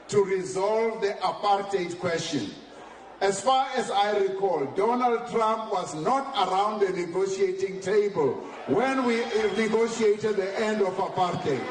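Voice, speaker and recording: Man, South African accent, high voice, defiant speech, distant echoey mic, noisy background. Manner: defiant, emphatic, repetitive. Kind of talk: public speech.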